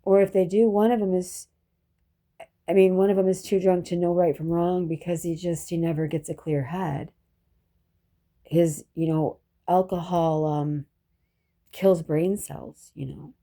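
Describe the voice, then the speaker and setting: A woman's voice: on the low side, steady tone, measured pace, warm tone. A woman telling a personal story in a rambling, reflective monologue, restarting often and dropping profane asides.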